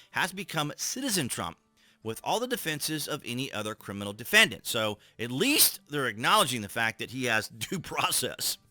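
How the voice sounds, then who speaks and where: A man's voice: medium pitch, pushed and bright, dry recording. A man giving casual political commentary, reading out articles and remarking on them with scornful laughs.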